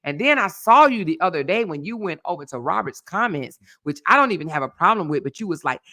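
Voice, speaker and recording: A woman in her fifties, a blogger chatting casually and reading out viewer comments in a sassy, animated way. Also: fairly low pitch, fast. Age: 50s. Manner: sassy, animated, calls listeners honey and baby.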